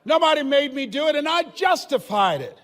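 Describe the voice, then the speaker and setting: An older man delivers a motivational speech in a very high, lively voice that swings up and down. He tells stories with emphasis, often shouting and laughing. A long reverb trails his words through the large hall. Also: fairly quick. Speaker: motivational speaker. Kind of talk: motivational speech to a live audience.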